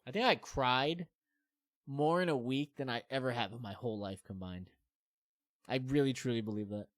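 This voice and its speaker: A man's voice: mid-range voice, moderate pace, dry recording, clean studio sound. A man in his thirties streaming, chatting candidly and rambling with many fillers and self-deprecating asides. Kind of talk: casual chat to stream viewers.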